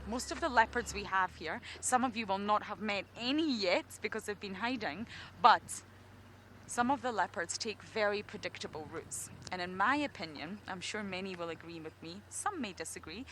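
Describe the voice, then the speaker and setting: Bright, playful Scottish woman guide. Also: mid-range voice, normal speed, slight background noise. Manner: playful, lively storytelling. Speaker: safari guide. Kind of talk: live game drive commentary. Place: open safari vehicle outdoors in the bush.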